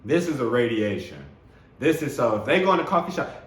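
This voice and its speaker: A man hosts a spiritual self-help talk with plenty of enthusiasm, repeating words and laughing often. His mid-range voice swings widely in pitch and moves fairly quickly, and the recording has a roomy echo with faint background noise.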